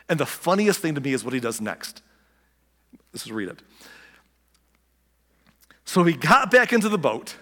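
A pastor giving a conversational, animated sermon, joking and acting out the people he quotes. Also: fairly high pitch. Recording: long hall reverb.

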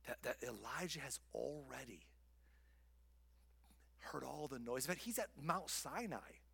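A male pastor preaching a sermon, swinging from loud emphatic lines down to soft whispers. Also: mid-range voice, lively intonation, a little slow, gravelly, breathy edge. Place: church sanctuary.

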